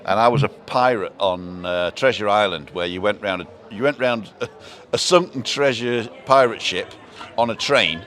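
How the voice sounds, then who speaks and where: A man's voice: on the low side, normal speed, a bit bright. A middle-aged man, hosting a live show in a rambling, jokey, self-interrupting chat. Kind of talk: casual chat.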